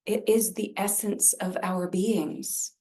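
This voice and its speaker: A woman leading a spiritual service, guiding a chant-based practice in a slow, gentle way. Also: medium pitch, fairly even intonation. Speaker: service leader. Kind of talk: guided spiritual practice talk. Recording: roomy sound from a distance.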